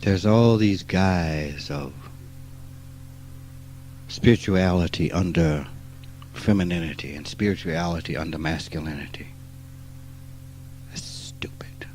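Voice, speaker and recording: Recorded in 1989, this archival talk features a spiritual teacher from rural Mississippi, a man in his 50s with a somewhat low, mellow voice. He speaks a little slowly with long pauses, bluntly and emphatically, swearing plenty and swinging from hushed asides to loud outbursts. Sound quality is poor, with slight background noise.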